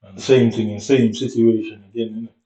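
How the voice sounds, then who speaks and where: With a fairly low pitch, a flat delivery and a mellow quality, this young man from Jamaica vlogs in a Jamaican accent. He unspools a long, loose story in slang at an unhurried pace, recorded on a far-off, dull mic in an echoey space.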